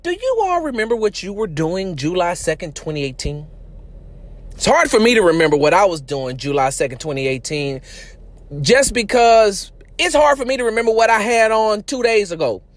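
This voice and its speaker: A man's voice: sits high, animated, moderate pace. A man hosting a sports talk podcast, chatting casually and joking as he acts out little scenes. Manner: joking, playful storyteller who acts out quotes. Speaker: podcast host.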